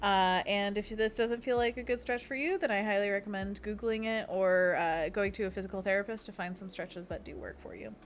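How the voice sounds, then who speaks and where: Young female streamer, playful and giggly, middle-pitched, light hiss behind. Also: fairly quick, hardly any pauses. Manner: playful, giggly, leads stretches with silly monkey noises. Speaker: livestream host. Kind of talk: casual livestream chat.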